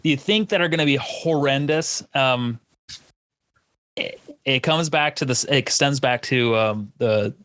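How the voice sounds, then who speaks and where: Male host, mid pitch, dry close sound, eager and rambling. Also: a little slow, a bit bright, dry recording. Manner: rambling, restarts, enthusiastic. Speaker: podcast host. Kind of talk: casual interview chat.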